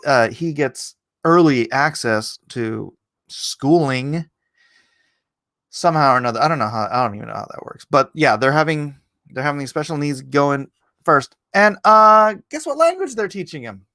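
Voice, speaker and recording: A man's voice: very animated, normal speed, pushed and bright, no room sound. Sarcastic rambling middle-aged man, dry sound. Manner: rambling and sarcastic, with indignant jumps up in pitch. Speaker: livestream host. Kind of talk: casual opinion monologue.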